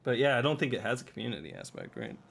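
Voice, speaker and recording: A man's voice: medium pitch, huge pitch swings, racing, vocal fry, a bit bright, husky. Guy rambling on a dev stream, lots of ums, talks to his cat. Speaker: developer on a game team Q&A stream. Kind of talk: casual livestream chat.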